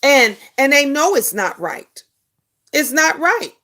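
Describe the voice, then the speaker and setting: A middle-aged woman hosts a casual live stream with a somewhat high voice. She answers viewer comments emphatically, with a preachy lilt, and drives her points home by repeating them. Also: sing-song, takes it slowly, sharp tone. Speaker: livestream host.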